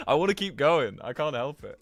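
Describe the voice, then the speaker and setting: A man's voice: a little high, wildly swooping pitch, normal speed. A man giving rambling, chatty commentary to his viewers while he plays a geography game, laughing often. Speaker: streamer.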